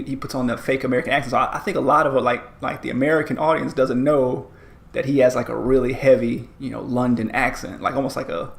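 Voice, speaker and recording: A man's voice: medium pitch, gravelly, echoey room. A man co-hosting a podcast in casual chat, rambling with many restarts and fillers. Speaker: podcast co-host.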